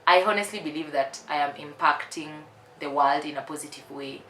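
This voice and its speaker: Twenty-something woman spilling confessions on her vlog, emphatic, crisp bright voice, kinda echoey room. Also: low-pitched, brisk, slight background noise. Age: 20s. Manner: candid and emphatic, repeats herself for effect. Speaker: vlogger. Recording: roomy echo.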